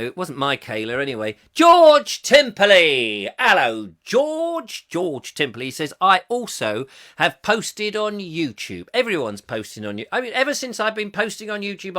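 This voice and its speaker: A man's voice: on the high side, wildly swooping pitch, normal speed, hardly any pauses, pushed and bright. A middle-aged man hosting a comic live chat show, reading viewer comments aloud and rambling jokily between them. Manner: jokey and rambling, puts on silly voices.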